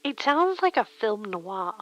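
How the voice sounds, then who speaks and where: A woman hosting a livestream from home rambles playfully, thinking out loud as she mends a pillow and chats. Her mid-range voice swings widely in pitch at a measured pace. The recording is dry and lo-fi.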